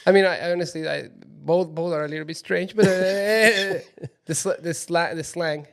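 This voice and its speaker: A man's voice: on the high side, moderate pace, creaky, fairly bright tone. A man from Mexico with a Mexican Spanish accent answering interview questions, laid-back and hesitant, often restarting sentences and chuckling. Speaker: guest, professional golfer.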